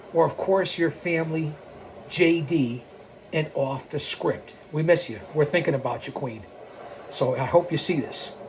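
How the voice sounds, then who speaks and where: Brash male host with a slightly high voice, boastful wrestling promo patter, faint background hiss. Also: poor audio. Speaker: YouTube show host. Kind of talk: wrestling-persona monologue. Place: underground bunker studio.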